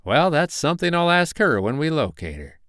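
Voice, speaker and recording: A man reading the part of a corrupt, scheming big-city detective who speaks in a curt, guarded way, pitched above his own voice. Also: big pitch swings, moderate pace, a bit bright, no echo, studio quality.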